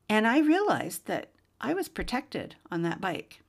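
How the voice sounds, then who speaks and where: Gravelly-voiced woman telling a faith story. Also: fairly low pitch, moderate pace. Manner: animated, laughing storyteller. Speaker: podcast host.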